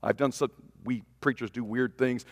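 A man preaching a sermon, swinging from loud declarations to hushed asides. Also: medium pitch, fairly even intonation, moderate pace, clean studio sound. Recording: long reverb of a large hall.

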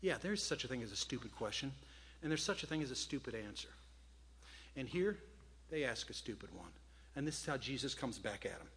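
A male preacher delivers a sermon, his voice bright and sharp. He tells stories dramatically, dropping to hushed tones between stretches of plain talk. A long hall reverb trails his words. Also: mid-range voice, big pitch swings, brisk, husky.

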